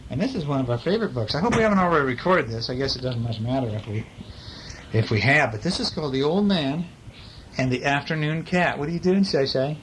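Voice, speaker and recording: A man's voice: mid-range voice, expressive, fast talker, background noise. A man reading a picture book aloud at home, chatting playfully with a small child between the pages. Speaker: family member reading to a child.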